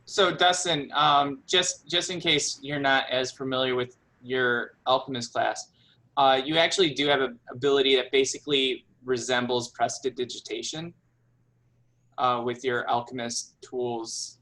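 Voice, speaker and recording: A man running a tabletop role-playing game as game master, explaining rules and narrating in a relaxed, conversational way. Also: mid-range voice, unhurried, rough recording. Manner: relaxed, conversational, slips into character voices.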